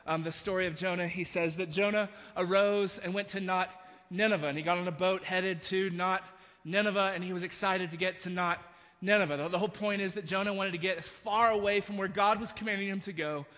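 High bright pastor in a hall. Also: male voice, fairly even intonation, fairly quick, muffled recording. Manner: storytelling with frequent restarts and asides. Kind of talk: sermon.

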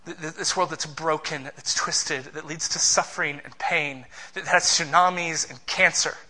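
A man's voice: fairly high pitch, fairly even intonation, normal speed, pushed and bright. A man preaching a sermon as pastor, in an emphatic, passionate way.

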